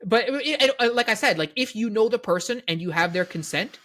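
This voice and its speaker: A man with a Canadian accent, co-hosting a casual podcast and telling stories in a rambling, animated way full of fillers. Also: sits high, fairly quick. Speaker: co-host, game organizer.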